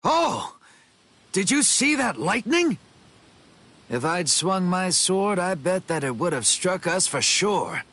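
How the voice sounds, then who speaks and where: A man's voice: high-pitched, big pitch swings, slow, a bit bright, dry recording, exaggerated voice. An actor playing a cocky, easygoing young male swordsman in a video game, teasing his friend.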